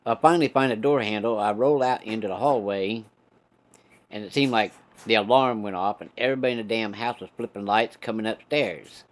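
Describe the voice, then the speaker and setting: Folksy man telling a story. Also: on the low side. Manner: folksy, profane, laid-back drawl of a storyteller. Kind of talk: casual storytelling.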